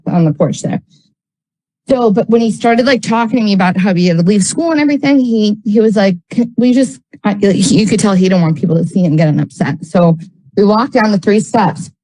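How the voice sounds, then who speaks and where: A woman's voice: medium pitch, darkish tone, poor audio. A woman telling a story in casual livestream talk, rambling with many fillers, swearing, and getting heated.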